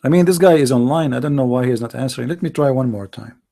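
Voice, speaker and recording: This host talks fast in a medium-pitched, creaky, warm voice. Leading a live online call-in debate, he argues heatedly in non-native English and keeps pressing through rhetorical questions.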